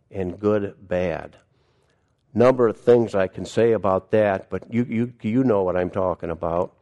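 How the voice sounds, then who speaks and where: Slow, low-voiced male preacher. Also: a little mellow. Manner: deliberate, earnest preaching with rhetorical questions. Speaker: pastor. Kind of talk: sermon with scripture reading.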